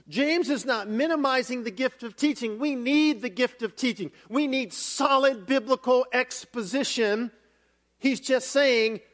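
A man preaching a sermon with a strikingly high voice. He tells his story in a lively, animated way, stumbling through restarts and fillers as he goes. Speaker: pastor.

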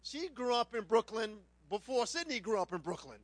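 A middle-aged male pastor preaching, his voice sitting high and swinging widely up and down. He slips into humorous storytelling and puts on voices for the people in his tales. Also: sing-song, moderate pace, dry recording. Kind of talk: sermon with a personal anecdote.

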